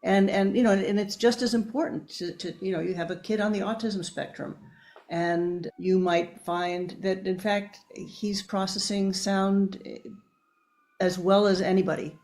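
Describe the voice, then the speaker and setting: A woman's voice: mid-range voice, fairly even intonation, unhurried, a little mellow. A woman speaking as an interview guest, explaining research in an emphatic, conversational way and sometimes addressing listeners directly. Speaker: guest neuroscientist.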